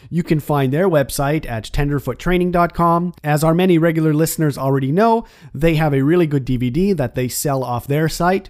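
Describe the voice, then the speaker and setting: A man's voice: a little high, a little mellow. Affable man hosting an interview. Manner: affable, thanks guest, chatty sign-off. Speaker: podcast host.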